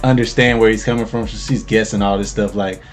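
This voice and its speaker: A man's voice: fairly low pitch, steady tone, fairly quick, soft background music. A man casually recapping an anime episode as host, laid-back and slangy, laughing as he tells it.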